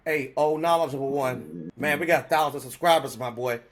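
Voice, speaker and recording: A man moderating a wrestling podcast, talking with loud repetitive hype. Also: mid-range voice, lively intonation, brisk. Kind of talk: hyped podcast intro.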